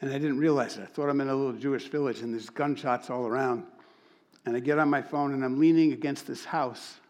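Animated storytelling preacher, a man. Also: mid-range voice, brisk. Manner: animated storyteller, acts out quoted voices. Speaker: pastor. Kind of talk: sermon storytelling.

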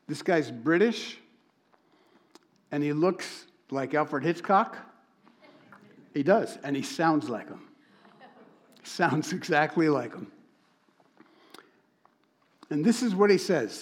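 A man preaching to a congregation, telling a story and acting out the dialogue with lively, animated delivery. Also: a little high, takes it slowly, pauses often. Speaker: church speaker.

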